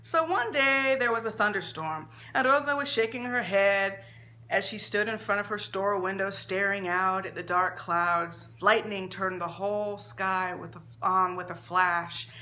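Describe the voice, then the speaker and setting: An author reads her own short story aloud in a medium-pitched voice, using an expressive, measured storytelling manner.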